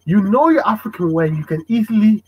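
A man hosting a casual podcast chat, animated and fond of acting out parents' voices. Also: high voice, a little fast, slightly rough, low-quality recording. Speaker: podcast host.

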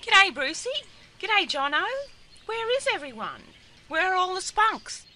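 Woman doing a cheeky Australian gal, high, swooping, blunt and swearing. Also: sing-song, unhurried, sharp tone, a little hiss or hum, heavily acted. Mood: cheery.

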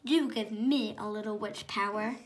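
A woman voicing a timid, youngest girl witch who pleads softly. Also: medium pitch, normal speed, close to an everyday voice. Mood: pleading.

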